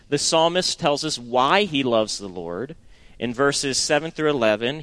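An earnest, expressive middle-aged man with a medium-pitched voice preaches a sermon and reads scripture. At times he drops into a hushed tone for emphasis.

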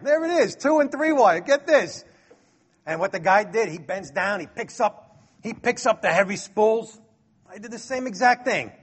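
A middle-aged man from Brooklyn, telling a personal story and acting out the dialogue with chuckles. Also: high voice. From Brooklyn, New York. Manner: lively, acts out dialogue, chuckles.

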